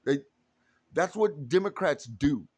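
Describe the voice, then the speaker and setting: A man's voice: on the high side, lively intonation, slow pace, husky, dry recording. A man delivering a heated, profane political rant straight to his audience. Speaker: political commentator. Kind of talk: ranting monologue to camera.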